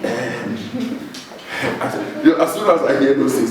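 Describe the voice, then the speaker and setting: A man's voice: medium pitch, expressive, normal speed, a crowd in the background. A man with a Ghanaian accent, a pastor preaching an emphatic sermon and calling out questions to his congregation. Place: church hall. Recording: echoey church hall, voice from far off the mic.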